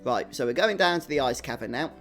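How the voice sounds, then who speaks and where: A man's voice: medium pitch, animated, fast, a bit bright, faint music behind. A young man with a Birmingham accent commentating a live game stream, chatting with viewers in a self-deprecating, laughing way. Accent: Birmingham (Brummie). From England. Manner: chatty, reads and answers chat viewers.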